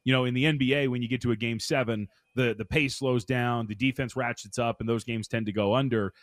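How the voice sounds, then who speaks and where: Fast-talking guy giving football picks on sports radio, dry close sound. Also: mid-range voice, steady tone, no echo. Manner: brisk, opinionated, self-mocking. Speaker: sports betting analyst guest. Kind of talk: radio sports betting talk.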